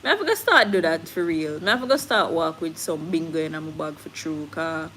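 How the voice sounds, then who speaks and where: Jamaican woman, lower voice, candid live-stream host who mixes in patois, faint hiss behind. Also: lively intonation, moderate pace, pushed and bright, low-quality recording. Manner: candid, switching into patois, reads viewer comments. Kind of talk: casual live-stream chat.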